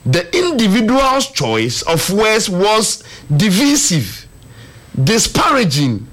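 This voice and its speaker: A man reading out a club's formal press statement in a measured way. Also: sits high, a bit bright.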